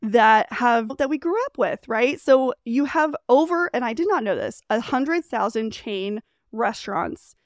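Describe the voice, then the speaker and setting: A young woman co-hosting a casual chat, bubbly and enthusiastic, quick to laugh. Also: fairly high pitch, animated, no echo, studio quality. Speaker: podcast co-host.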